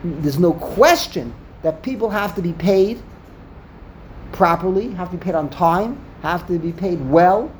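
A man's voice: sits high, expressive, a little slow, slight background noise. A man leading a Talmud study discussion, asking rhetorical questions and mixing in Hebrew terms. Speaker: Torah study teacher.

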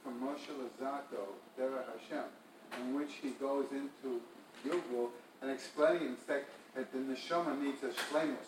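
A man in the class quietly interjecting a remark from the audience. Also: medium pitch, fairly even intonation, moderate pace. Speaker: class participant. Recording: distant roomy mic with noise.

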